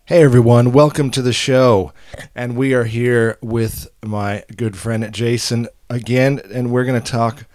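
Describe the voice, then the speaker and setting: A man's voice: medium pitch, steady tone, a little slow, darkish tone, dry recording, studio quality. A man hosting a podcast, talking casually and enthusiastically with a friend, often restarting his sentences. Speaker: podcast host. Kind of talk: casual chat.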